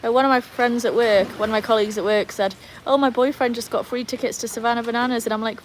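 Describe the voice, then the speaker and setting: A woman's voice: on the high side, fairly even intonation, fast talker, few pauses, slight background noise, rough recording. A British woman, hosting a casual livestream from home, chatting with viewers and her dogs. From Britain. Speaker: livestream host.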